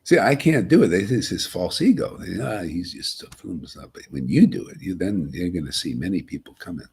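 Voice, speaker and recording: A man's voice: deep voice, sing-song, fairly quick, darkish tone, husky. A man giving an informal, emphatic spiritual talk to a group, folksy and chuckling, often asking "see?". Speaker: spiritual teacher.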